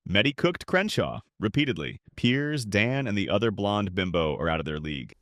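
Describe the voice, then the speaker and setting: Fields: man, mocking commentator, low voice. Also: very animated, normal speed, hardly any pauses, fairly bright tone, no echo, clean studio sound. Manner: mocking, partisan. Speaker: channel commentator. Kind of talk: reaction commentary voice-over.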